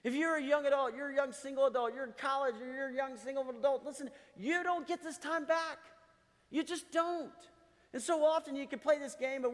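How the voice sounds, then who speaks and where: A man's voice: very high voice, moderate pace, a bit bright. A middle-aged male pastor giving a conversational sermon, chuckling and asking the congregation questions. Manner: conversational preaching with laughs and asides. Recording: long hall reverb.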